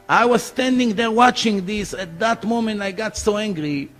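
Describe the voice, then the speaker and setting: A man's voice: high-pitched, normal speed, hardly any pauses, soft background music. A male rabbi telling stories in a sermon, acting out the voices of the people in them, in English with slips of grammar. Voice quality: non-native English grammar. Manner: animated storytelling, acting out quoted voices. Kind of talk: sermon storytelling.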